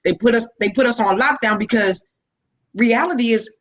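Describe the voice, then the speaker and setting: A woman's voice: on the high side, normal speed. Woman, middle-aged, earnest, filler-heavy, casual panel chat. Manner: earnest, repeats "you know" a lot. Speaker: panel guest.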